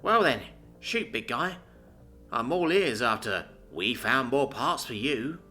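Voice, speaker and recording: A man's voice: medium pitch, lively intonation, slow pace, bright, forceful tone, soft background music, pitched above the performer's own voice. Man doing a sultry teasing lizard woman. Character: sultry teasing female reptilian mechanic.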